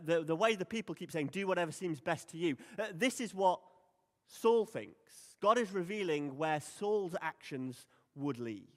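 A man preaching a sermon in a conversational, emphatic way. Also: high voice. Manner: conversational, emphatic, acts out quoted lines. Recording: long hall reverb.

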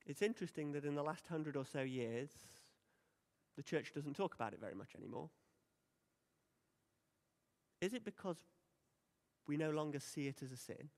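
A man preaching a sermon in a conversational, emphatic way. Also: a little high. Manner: conversational, emphatic, acts out quoted lines. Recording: long hall reverb.

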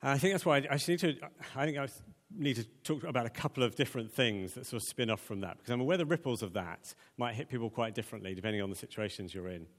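A man's voice: mid-range voice, quick pace, few pauses. A man preaching a conversational sermon, with plenty of ums and repeated words. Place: church. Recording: long church hall reverb.

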